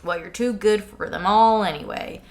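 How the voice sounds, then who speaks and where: A woman's voice: mid-range voice, moderate pace, vocal fry, darkish tone. A woman co-hosting a casual book club read-along, reading passages aloud with teasing commentary and frequent laughter. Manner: giggly, teasing, reads passages aloud in dramatic voices. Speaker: podcast co-host.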